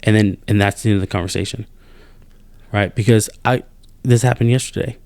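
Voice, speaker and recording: A man in a casual podcast chat, venting with exasperation and rising to high incredulous outbursts. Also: fairly quick, no echo. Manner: animated and exasperated, voice jumps up when incredulous. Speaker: podcast co-host.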